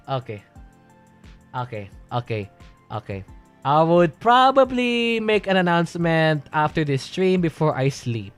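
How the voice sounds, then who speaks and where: A man's voice: fairly high pitch, lively intonation, measured pace, clear, resonant tone, faint music behind. A young man chatting casually on a livestream, reading and answering chat in a rambling way and laughing often. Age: young adult.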